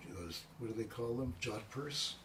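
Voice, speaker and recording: A man's voice: medium pitch, expressive, moderate pace, sharp tone, far from the mic, slight background noise. A man from Canada, a former radio announcer, co-hosting a casual live video chat with dry, joking quips.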